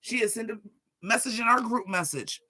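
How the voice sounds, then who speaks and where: Sassy, bright-voiced vlogger in their 40s. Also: mid-range voice, normal speed. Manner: profane, sassy, animated, talks straight to viewers. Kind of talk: casual rant to camera.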